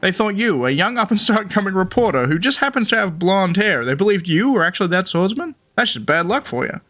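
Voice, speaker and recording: A man's voice: sits high, sing-song, fairly quick, fairly bright tone. A man voicing an eager male bird reporter in a game, friendly and jumpy, who keeps calling the listener partner. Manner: upbeat, calls listener partner.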